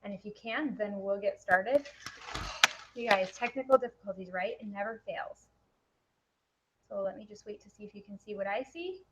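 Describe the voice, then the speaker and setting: A woman's voice: mid-range voice, moderate pace, pauses often, muffled recording, noisy background. A young woman with a headset microphone, giving a live, chatty webinar presentation with many fillers. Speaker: network marketing presenter.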